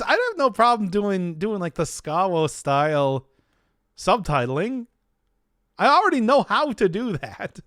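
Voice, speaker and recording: Male game streamer: high, animated voice, giggly self-mocking banter. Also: unhurried, no echo, clean studio sound. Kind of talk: casual gaming commentary.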